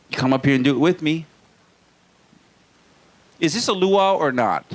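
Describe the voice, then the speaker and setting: A man's voice: high voice, fairly bright tone. A man from Hawaii doing a live stand-up routine in a small comedy venue, with crude jokes and playful banter with the crowd.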